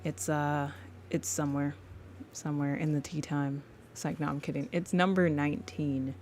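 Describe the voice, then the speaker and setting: A woman's voice: deep voice, little pitch movement, normal speed, a little mellow, a little hiss or hum. A young woman chatting casually with her viewers while she draws live, laughing often and calling them y'all. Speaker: livestreaming artist.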